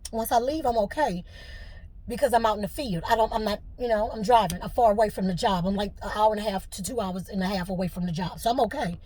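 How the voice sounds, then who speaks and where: A woman's voice: medium pitch, quick pace, darkish tone, slightly rough. A middle-aged woman, venting to camera with emotion and fighting back tears. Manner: tearful, fighting back crying. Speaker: vlogger.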